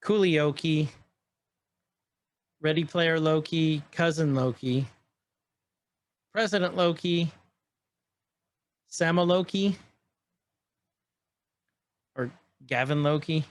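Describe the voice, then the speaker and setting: A man with a voice a touch higher than most rambles eagerly through a casual podcast chat. He retells scenes as he pauses the show, getting excited as he goes. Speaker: podcast co-host. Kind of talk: casual chat recapping an episode.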